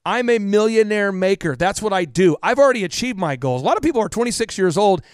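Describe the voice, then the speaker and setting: A man in his thirties, a podcast guest telling stories with emphatic, repetitive energy that drops to a hush for emotional moments. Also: high voice, expressive, fast talker, no echo, studio quality. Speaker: podcast guest, business coach. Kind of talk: impassioned storytelling interview.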